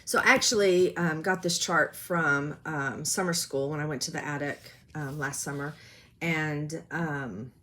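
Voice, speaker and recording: A woman's voice: low voice, a little slow, sharp tone. A woman chatting casually about her stitching projects, rambling and self-deprecating, with lots of ums. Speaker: cross-stitch vlogger. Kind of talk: casual show-and-tell chat.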